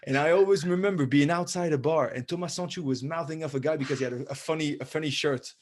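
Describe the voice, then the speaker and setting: Animated, slightly high-voiced man telling stories. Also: fast talker, a little hiss or hum. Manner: animated storyteller who laughs through his anecdotes. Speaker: guest, former rugby player. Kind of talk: casual podcast chat, storytelling.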